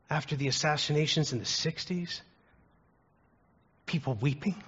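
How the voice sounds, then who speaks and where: With a husky, fairly high voice, this pastor preaches at a moderate pace, leaving long pauses. Earnest stories and rhetorical questions to the congregation fill the sermon, heard through a dull lo-fi recording.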